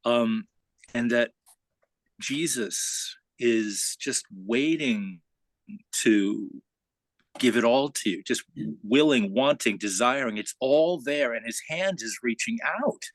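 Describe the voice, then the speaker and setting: A man speaks slowly in a spiritual sharing circle, pausing and restarting as he searches for the right words. His voice sits dry and close. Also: mid-range voice, expressive, no room sound, low-quality recording. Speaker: participant.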